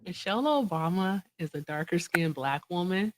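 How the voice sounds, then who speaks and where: A woman's voice: lowish voice, expressive, moderate pace. A woman hosting a casual interview and reaction chat, talking in a blunt, teasing, confrontational way. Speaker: host.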